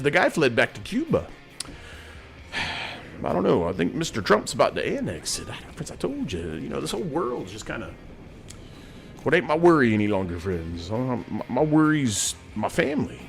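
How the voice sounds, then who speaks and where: A man's voice: fairly high pitch, very animated, a little fast, vocal fry, fairly bright tone, faint music behind. A middle-aged man, hosting a rambling, folksy monologue from his home studio as a sergeant major persona. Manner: folksy, keeps calling the audience "friends".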